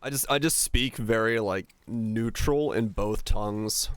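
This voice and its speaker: A man with a neutral American broadcaster-like accent, livestreaming and chatting casually in a relaxed, rambling way. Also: on the low side, unhurried, clean tone, no room sound. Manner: relaxed, rambling, many fillers. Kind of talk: casual chat while gaming.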